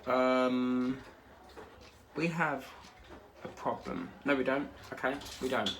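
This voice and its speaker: A man's voice: mid-range voice, slow pace, pauses often, background noise. A man, chatting casually as a crafting vlogger while he works, rambling and easily sidetracked.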